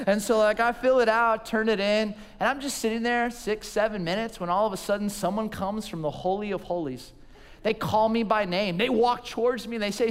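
Pastor in his forties, high voice, animated storyteller, church-hall reverb. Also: a little fast, clear, resonant tone. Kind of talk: sermon.

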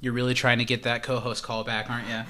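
A man's voice: mid-range voice, completely flat delivery, fast, pushed and bright. A man co-hosting a podcast, casually recapping a TV episode scene by scene with dry teasing. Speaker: podcast co-host.

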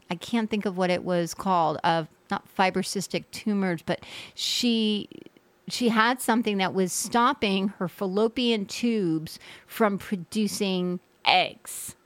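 A woman's voice: medium pitch, no echo. Chatty woman hosting a talk show. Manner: chatty, rambling, laughs easily. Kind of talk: casual interview chat.

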